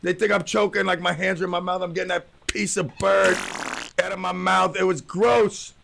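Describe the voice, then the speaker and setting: A man's voice: sits high, level tone, normal speed, creaky, background noise. A man hosting his own radio talk show alone, joking and rambling with playful tall tales.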